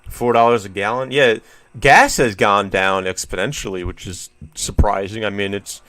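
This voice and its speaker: A man's voice: on the low side, normal speed, fairly bright tone, dry recording. A man streaming a video game, rambling wryly and swearing casually as he chats with viewers. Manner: rambling, profane, wry musing to chat. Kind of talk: casual gameplay commentary.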